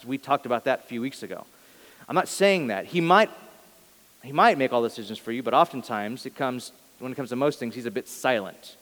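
A man's voice: medium pitch, fairly bright tone, in a large hall. A male pastor giving a sermon, talking in an earnest, conversational way and often correcting himself mid-sentence.

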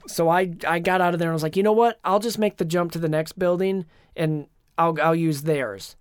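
A man co-hosting a podcast, telling a long dream in a rambling, animated way with lots of fillers. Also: a little high, fairly quick, clean tone, dry recording, clean studio sound. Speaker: podcast co-host. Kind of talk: casual chat, retelling a dream.

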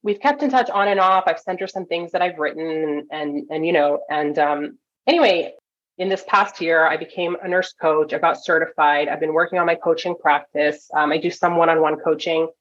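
A woman from Toronto, a nurse coach, telling a story as a podcast guest, animated and full of quick asides. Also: low-pitched. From Toronto, Canada. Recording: dull lo-fi audio.

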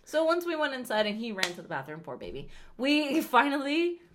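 A young woman co-hosting a casual chat show, telling a story in an animated way and acting out quotes in exaggerated voices. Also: high voice, brisk, slight background noise.

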